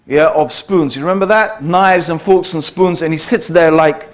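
A man's voice: on the high side, normal speed. A British man giving a conversational public lecture to an audience, often checking in with the listeners. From Britain. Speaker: speaker giving a talk to an audience.

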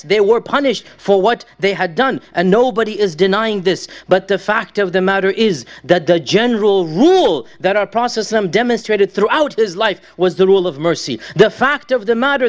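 High-voiced man preaching a sermon. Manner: impassioned storytelling, dramatic pauses.

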